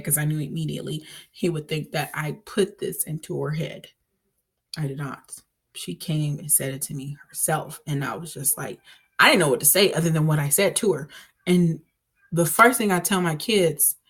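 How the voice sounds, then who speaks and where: A woman's voice: low-pitched, husky. A woman vlogger giving a casual personal faith testimony, earnest and rambling, with many fillers and restarts.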